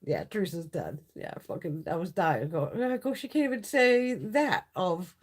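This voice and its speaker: A woman's voice: lowish voice, expressive, normal speed, few pauses, breathy edge. A middle-aged woman hosting a casual beauty live stream, chatty and blunt, swearing freely and laughing often.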